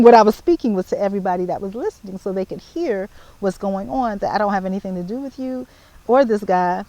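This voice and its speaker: A woman, telling a story to the camera in casual chat, animated and repeating herself as she spells out details. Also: medium pitch, fast talker, no room sound, rough recording. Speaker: vlogger.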